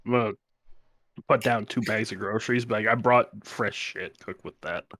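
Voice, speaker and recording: A man's voice: lowish voice, fairly even intonation, normal speed, fairly bright tone, no room sound, studio quality. A man playing a tabletop game in a blunt, bossy, swearing manner. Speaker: player. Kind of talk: tabletop game role-play.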